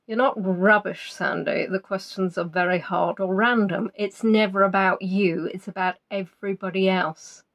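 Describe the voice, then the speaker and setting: A woman's voice: fairly even intonation, moderate pace, hardly any pauses. A woman hosting a live online quiz, chatting with players and teasing them as she reads out their answers. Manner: teasing, chatty, reads out names and answers with big pitch swings.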